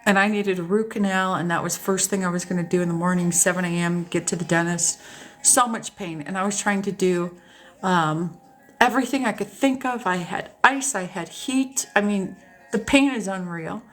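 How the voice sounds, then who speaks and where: A woman hosting a casual live stream, telling personal stories to her viewers in an animated, candid way and swearing freely. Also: mid-range voice, moderate pace, soft background music. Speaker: host. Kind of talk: casual storytelling chat to a live audience.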